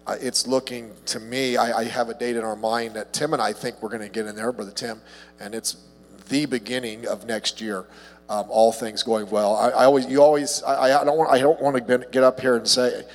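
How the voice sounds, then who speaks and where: Chatty pastor in a reverberant hall. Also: male voice, normal speed. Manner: chatty and humorous, his voice jumps higher when he gets excited. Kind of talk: casual evening sermon with personal stories.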